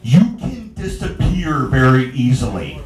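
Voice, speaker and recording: In an echoey little bar, a man performs stand-up in a mid-range voice with big pitch swings and a slightly slow pace. His set meanders through stammering stories and back-and-forth with the audience.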